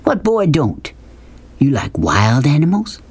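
A big, pushy man who hollers and hoots his words in a folksy drawl, as a male narrator puts him on. He pitches it high and loud. It is an audiobook character reading. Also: wildly swooping pitch, takes it slowly, husky, heavily acted. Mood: scheming.

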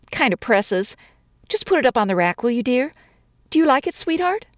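A woman's voice: on the high side, sing-song, fairly quick, dry recording, clean studio sound. A woman reading a story, voicing a touchy young newlywed bride who rambles through wounded, sarcastic complaints. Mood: flustered.

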